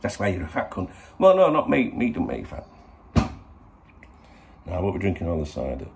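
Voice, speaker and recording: A man's voice: low-pitched, huge pitch swings, moderate pace, a little hiss or hum. A middle-aged man, hosting a casual morning vlog to camera in a rambling, sweary, chatty way. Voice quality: gravelly. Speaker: football channel host.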